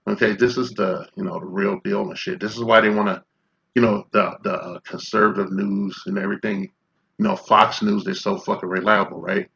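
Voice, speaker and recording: A man's voice: fairly low pitch, steady tone, fairly quick, gravelly, a bit bright, lo-fi sound. A man in his fifties from Chicago, ranting in confrontational, profane commentary full of rhetorical questions. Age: 50s. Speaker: commentary vlogger.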